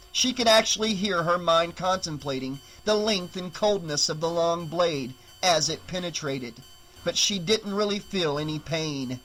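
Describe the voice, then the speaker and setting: Bright-voiced male audiobook narrator. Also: a little high. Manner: measured, dramatic storytelling. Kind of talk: scripted narration.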